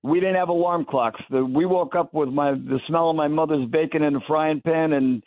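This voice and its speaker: An older man speaks earnestly over a dry, thin phone line. His voice sits a little high for a man and comes without any room sound, like a narrow, telephone-filtered call. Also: steady tone, normal speed, no room sound. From New Jersey. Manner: earnest, grateful. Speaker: caller.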